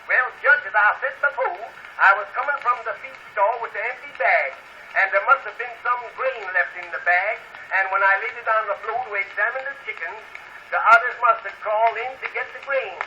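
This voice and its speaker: A sly, fast-talking defendant in an old vaudeville sketch, spinning innocent excuses in a high, bright drawl. The tone is sharp and thin. The recording is dull and lo-fi, with faint cylinder hiss. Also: male voice. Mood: excusing. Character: sly, smooth-talking man accused of chicken theft.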